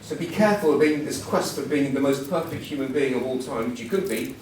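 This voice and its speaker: In a large event hall, a wry middle-aged male guest speaker delivers a motivational talk in the after-dinner mold, spinning chatty, self-deprecating anecdotes for the audience. His mid-range voice has a darkish tone and moves fairly quickly. The recording is echoey, his voice far from the mic in a reverberant space with faint hum, and the crowd laughs in the background.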